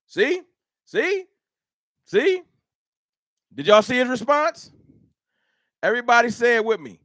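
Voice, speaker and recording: High-voiced dude roasting his chat on a stream, real animated, dry sound. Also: a little slow, pauses often, no echo. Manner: trash-talking, animated, reads chat aloud. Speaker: livestream host. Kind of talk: casual livestream sports banter.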